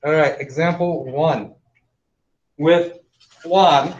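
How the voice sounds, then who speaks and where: A male math teacher giving classroom instructions, slowing down to spell out each step for students. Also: a little high. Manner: instructive, slows down to spell out steps. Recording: echoey, distant, dull classroom recording.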